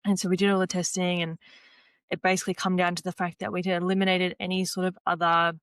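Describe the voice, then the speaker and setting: A young woman with a fairly low voice tells her story in a relaxed, chatty way. She often acts out what she and others said, with plenty of "like" and "you know." The sound is close and dry, with no room echo. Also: fast talker, clean tone. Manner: retells conversations by quoting herself and others. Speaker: podcast guest, former swimmer. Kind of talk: casual interview storytelling.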